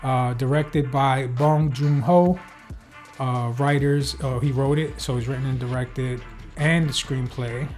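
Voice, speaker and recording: A man's voice: medium pitch, fairly even intonation, unhurried, darkish tone, soft background music. A man hosting a podcast, recapping a film in a loose, joking way, swearing freely and filling gaps with ums. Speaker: podcast host reviewing a film. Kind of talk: casual rambling recap.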